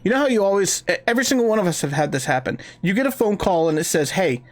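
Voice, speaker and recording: A man co-hosting a casual gaming podcast, telling a prank-call story in an animated, profane way and acting out both sides of the conversation. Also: high-pitched, very fast. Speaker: podcast co-host.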